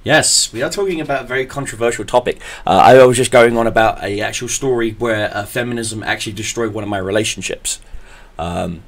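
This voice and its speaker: A man hosting a podcast, telling a story in a profane, animated way. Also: on the low side, fairly quick. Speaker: podcast host. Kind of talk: casual podcast chat.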